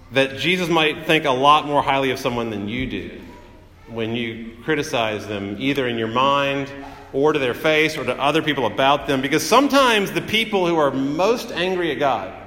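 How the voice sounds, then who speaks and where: Man, preacher, conversational sermon, long reverb, animated storytelling. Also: mid-range voice, a little hiss or hum. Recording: echoey hall with long reverb.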